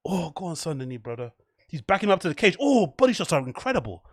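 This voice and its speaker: A young man with a slightly high, husky voice talks fast on a studio-quality recording without echo. He hosts a casual live stream and reacts to chat and a fight excitably, swearing often, laughing a lot and putting on mock French.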